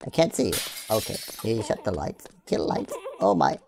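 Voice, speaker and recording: A woman's voice: a bass voice, huge pitch swings, normal speed, creaky, mellow, a little hiss or hum. A woman from Sweden hosting a gaming channel, giving playful Let's Play commentary full of silly rhymes and sing-song wordplay.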